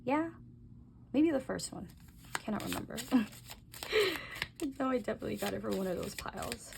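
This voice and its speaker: A young woman doing a casual tarot reading, talking gently and musing aloud, with soft exclamations as she turns the cards. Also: medium pitch, expressive, normal speed, gravelly, noisy background. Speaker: tarot reader.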